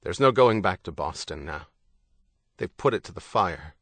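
A man reading an audiobook, voicing a guarded American scientist who answers tersely and low. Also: expressive, normal speed, creaky, fairly bright tone, no echo, heavily acted. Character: guarded young American scientist, quietly tense.

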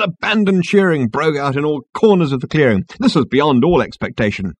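Man, audiobook narrator, lively melodic delivery, husky tone, dry close sound. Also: fairly high pitch, a little fast, hardly any pauses, no room sound. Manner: lively, voices characters.

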